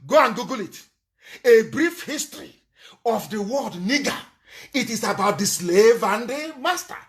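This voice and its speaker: A man's voice: high-pitched, fairly bright tone. A man giving a fiery live broadcast lecture, scornful and emphatic, often spelling words out letter by letter. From Nigeria. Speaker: political movement leader.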